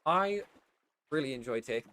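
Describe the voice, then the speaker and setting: A tired British man chatting casually on a live stream, swearing freely and getting loud and worked up when he rants. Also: mid-range voice, lively intonation, moderate pace, a little hiss or hum. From Britain.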